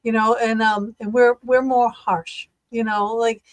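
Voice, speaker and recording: A podcast host with a Boston accent, a woman whose voice runs fairly high. She talks in a chatty way and drifts into tangents. The recording is dry and close. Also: little pitch movement, a little slow, no room sound. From Massachusetts. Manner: chatty, laughs often, tangents. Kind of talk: casual podcast chat.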